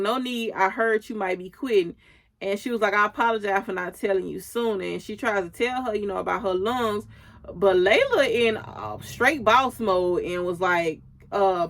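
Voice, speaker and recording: A woman speaking in gives a loose, chatty recap of a TV episode. She strings the scenes together with "and he said" and "she was like," quoting the characters' lines as she goes. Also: medium pitch. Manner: loose retelling with many "and he said" links and quoted lines. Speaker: recap host.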